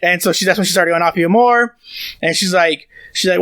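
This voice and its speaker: A man's voice: high-pitched, fairly quick, fairly bright tone, no room sound. A young man telling a long, rambling family story in casual podcast chat, swearing often. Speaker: podcast co-host.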